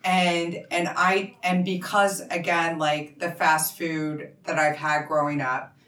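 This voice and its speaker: A woman hosting a casual chat, eager and quick to agree with her guest. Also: low-pitched, level tone, fairly bright tone, recorded from a distance. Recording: roomy echo, voice a bit off-mic.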